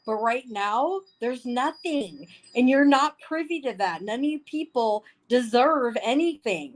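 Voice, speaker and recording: Faint wind chimes sound behind a woman's angry livestream rant, captured on a low-quality recording. Her fairly high voice is expressive and unhurried with hardly any pauses, and she swears heatedly while repeating herself constantly.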